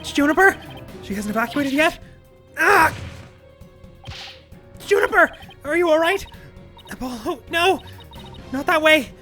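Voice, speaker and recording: A man's voice: very high voice, animated, slow pace, few pauses, bright, forceful tone, faint music behind, pitched above the performer's own voice, full character voice. A man voicing a frantic young female defense attorney in a video game, urging others to flee.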